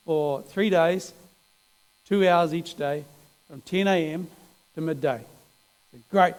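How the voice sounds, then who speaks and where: A man's voice: fairly high pitch, slow, pauses often, darkish tone, clear, resonant tone. A man telling a testimony in a sermon, in a chatty way with fillers and restarts. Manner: conversational, many fillers and restarts, rising in emphasis. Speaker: preacher giving a testimony. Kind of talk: sermon storytelling. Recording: echoey hall with mains hum.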